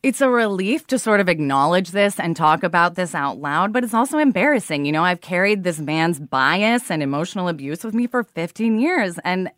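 A woman in her thirties talks candidly on her podcast, earnest and self-deprecating, with a laugh never far off. Her voice sits a little low. The sound is close and dry, with no room around it. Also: lively intonation, moderate pace, few pauses, a bit bright, no echo. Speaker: podcast co-host. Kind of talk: candid personal chat.

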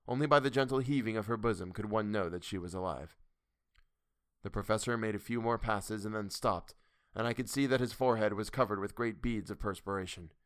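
A man narrates a classic novel with measured, steady pacing. His voice sits on the low side. The audiobook recording is dry and close, with no room echo. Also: clear, resonant tone. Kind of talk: audiobook reading.

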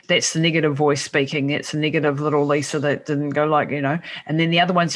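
A woman's voice: low-pitched, brisk. Encouraging woman podcast host. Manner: encouraging, laughs often, acts out inner voices. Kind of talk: casual podcast conversation.

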